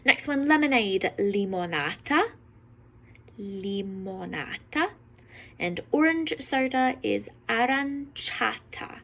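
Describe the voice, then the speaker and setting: A young woman with a somewhat high voice teaches a beginner Italian lesson. She explains in English and slows right down to sound out each Italian word. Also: lively intonation, creaky, bright, forceful tone, poor audio. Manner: slow careful pronunciation of foreign words.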